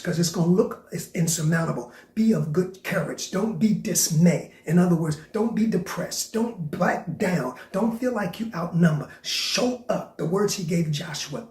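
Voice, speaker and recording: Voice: medium pitch, normal speed, few pauses, darkish tone, reverberant. A preacher delivering a sermon, emphatic and repetitive, often calling out directly to the listener. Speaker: preacher hosting a faith broadcast.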